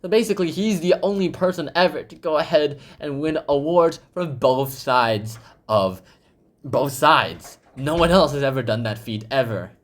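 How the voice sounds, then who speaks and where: A man's voice: on the high side, animated, moderate pace. A man hosting a book summary channel, talking casually in a rambling way with lots of fillers.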